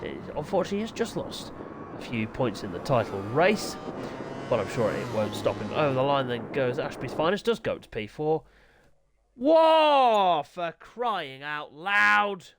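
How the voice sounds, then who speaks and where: Excitable man commentating sim racing. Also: mid-range voice, fairly quick, faint music behind. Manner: excitable, chatty, self-deprecating, swings to exasperated asides. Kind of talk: live esports race commentary.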